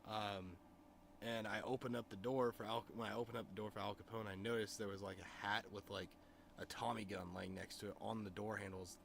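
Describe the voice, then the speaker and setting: A man with a lowish voice, streaming and spinning a long dream story for his chat. He rambles, restarts, swears freely and keeps asking if you follow him. A faint hiss of noise sits under his voice. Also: fairly even intonation, fairly quick, vocal fry. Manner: rambling, profane, filled with "you know what I mean". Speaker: streamer and musician.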